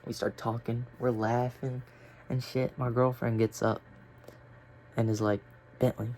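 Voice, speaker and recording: A man's voice: medium pitch, flat delivery, a little slow, darkish tone, a little hiss or hum. A young man telling a story casually, rambling and swearing with lots of fillers. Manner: rambling, profane, filler-heavy.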